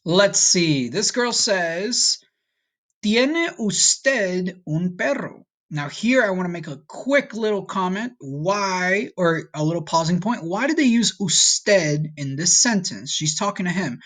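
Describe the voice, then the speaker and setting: A man's voice: sits high, expressive, a bit bright. Patient man teaching a recorded lesson. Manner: patient, checks in with "okay?"; speaks slowly for learners to repeat. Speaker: Spanish teacher.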